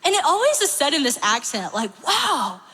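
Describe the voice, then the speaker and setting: A young woman giving a casual faith talk, chatty and animated, filling her speech with "like". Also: high voice, quick pace. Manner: chatty, animated, says "like" often. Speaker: youth speaker. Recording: roomy hall reverb.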